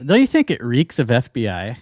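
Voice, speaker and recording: A man's voice: mid-range voice, wildly swooping pitch, fairly quick, darkish tone, no room sound, lo-fi sound. A man appearing as a podcast guest in casual conversation, asking skeptical questions.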